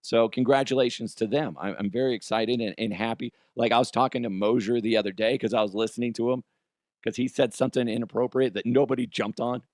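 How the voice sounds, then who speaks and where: A man's voice: mid-range voice, fairly even intonation, fast, a little mellow, no echo, studio quality. Rambling, laughing podcast host man. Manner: rambling, laughing, self-mocking, swears freely. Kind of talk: casual solo podcast talk.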